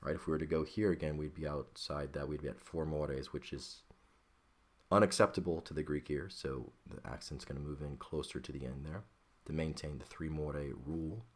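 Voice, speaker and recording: Very deep-voiced man teaching a grammar lesson. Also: steady tone, fairly quick. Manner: patient, explaining step by step with frequent "okay?" checks. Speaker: Greek teacher.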